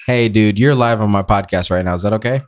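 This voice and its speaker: A man's voice: on the low side, fast, a little hiss or hum. A man hosting a podcast, rambling through goofy tangents in casual, jokey banter. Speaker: podcast host.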